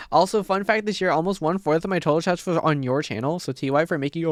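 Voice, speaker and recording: Excitable swearing male streamer. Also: on the high side, fast, dry recording, clean studio sound. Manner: excitable, rambling, heavy swearing. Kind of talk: casual live-stream chat. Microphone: desk mic on a mic arm.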